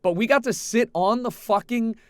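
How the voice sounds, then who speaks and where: A young man vlogging a rambling party story, animated, with frequent restarts and swearing. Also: very high-pitched, moderate pace, clear, resonant tone, no room sound, studio quality. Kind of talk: casual storytelling. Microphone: headset.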